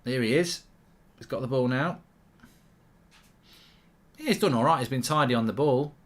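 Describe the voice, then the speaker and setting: A man's voice: mid-range voice, moderate pace. A man hosting a live football watch-along, chatting, reacting to the play and answering viewers. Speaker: host.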